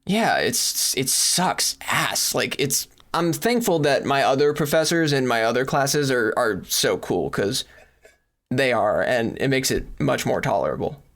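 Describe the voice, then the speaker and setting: A little slow but very animated, a young man on a podcast rants with a medium-pitched, slightly bright voice. He's exasperated and swears heavily as he complains in casual chat, sometimes drifting far from the mic.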